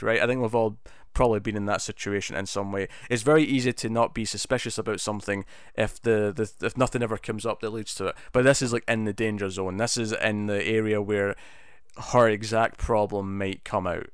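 A TV episode reviewer gives a casual spoken review, rambling through the episode with many restarts and fillers. His fairly low, smooth voice stays steady and fairly quick, recorded dry with clean studio sound.

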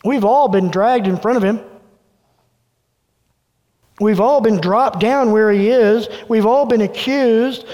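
Casting note: earnest preacher, male, bright high voice, room reverb trailing each phrase. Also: slow, pauses often. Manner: earnest preaching, dropping soft for quoted words. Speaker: pastor. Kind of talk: sermon. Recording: long reverb of a large room.

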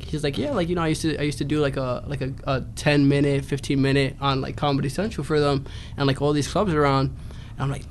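A man from the Bronx, a new stand-up comic guesting on a podcast, telling a story haltingly with many restarts. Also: a little high, slight background noise. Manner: halting, full of fillers and restarts. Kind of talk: casual podcast chat.

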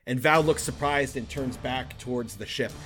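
A man's voice: medium pitch, moderate pace, fairly bright tone, a little hiss or hum. A man narrating as dungeon master of a tabletop role-play podcast, telling the scene and talking with players.

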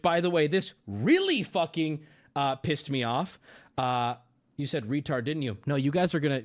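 A man livestreaming an exasperated, profane and self-mocking rant to his viewers, breaking into bursts of laughter. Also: on the high side. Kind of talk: ranting stream monologue.

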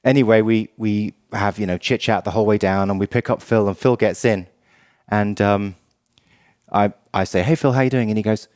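A man's voice: fairly low pitch, steady tone, normal speed, darkish tone, smooth, no echo, studio quality. A man from England, his English accent faded, co-hosting a podcast and telling a rambling story with restarts. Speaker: podcast co-host. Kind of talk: casual chat.

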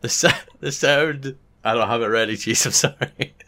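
A man's voice: medium pitch, normal speed, bright, forceful tone. A man co-hosting a podcast, casually narrating a silly made-up scenario with wry humor. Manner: easygoing, wry storytelling. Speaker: podcast co-host.

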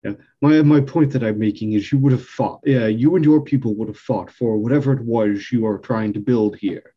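A man's voice: medium pitch, brisk, husky, lo-fi sound. A man playing in a tabletop game, chatting in a hesitant way. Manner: hesitant, restarting. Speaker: player. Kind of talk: casual chat.

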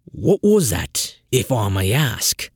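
A man's voice: on the low side, very animated, slow, gravelly, husky, no room sound, studio quality, exaggerated voice. A man doing a nervous, stammering guard. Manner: hesitant, stammering, polite. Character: nervous, deferential male town guard.

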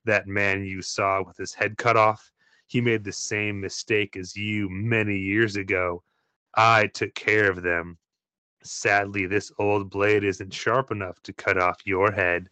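Menacing young pirate ghost, slow and sinister, read by a man. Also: lowish voice, flat delivery, sharp tone, no room sound, pitched below the performer's own voice. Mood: cold menace.

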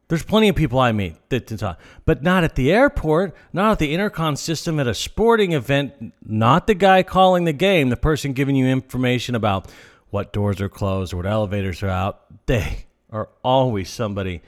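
A man's voice: medium pitch, expressive, brisk. A man delivering a sarcastic, exasperated comedic rant. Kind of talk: ranting comedic monologue.

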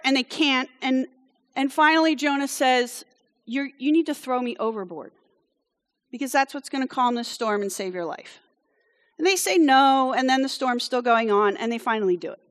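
A woman's voice: high-pitched, normal speed, a bit bright, in a large hall. A woman who grew up in France preaches a conversational sermon. She tells the story casually, with wry asides and frequent "okay?" check-ins to her listeners.

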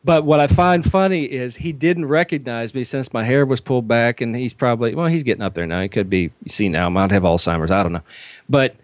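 A man speaking a little fast, medium in pitch, with no room sound, co-hosts a casual podcast. He rambles through long anecdotes, loudly voicing the characters he quotes.

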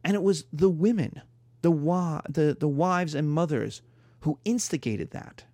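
A man teaching a history class in a lecture style, telling lively stories and acting out little scenes. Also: a little high, unhurried, dry recording. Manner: animated storytelling, acts out quarrels in voices.

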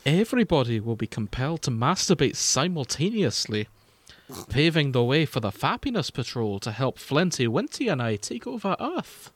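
A man's voice: mid-range voice, big pitch swings, normal speed, dry recording. A man reading a scheming villainous woman space overlord aloud in a comic fan fiction reading, playful and near laughter. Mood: gloating.

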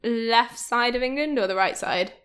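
A woman's voice: a little high, moderate pace, fairly bright tone. A woman guest in a casual podcast chat who laughs often.

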